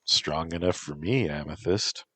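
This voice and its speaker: A man's voice: a bass voice, unhurried, sharp tone, husky, exaggerated voice. A man voicing a timid, whiny young man who pleads and complains. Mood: meek. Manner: whiny, meek.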